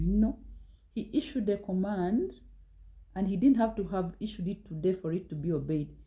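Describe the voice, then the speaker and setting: A woman's voice: medium pitch, big pitch swings, brisk, warm tone, rough recording. A woman giving a talk on relationships, direct and reproving, firing pointed rhetorical questions at her listeners. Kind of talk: scolding motivational talk.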